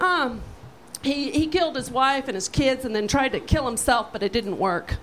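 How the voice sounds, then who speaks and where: A woman telling a profane, animated comic story on stage, brash and lively. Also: sits high, normal speed, a little hiss or hum, low-quality recording. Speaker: storyteller guest.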